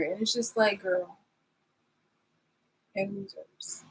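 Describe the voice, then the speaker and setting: A woman with a husky, slightly breathy voice delivers a confrontational vlog rant. She rambles and circles back, cutting herself off mid-sentence. Her tone is sarcastic and blunt, with swearing sprinkled throughout. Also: medium pitch, expressive, slow, long pauses, rough recording. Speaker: vlogger.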